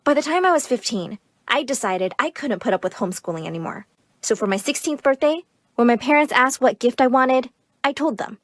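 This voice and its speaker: A young woman narrating an animated story in a dramatic, scripted way. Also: high voice, brisk, dry recording, clean studio sound. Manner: expressive, dramatic.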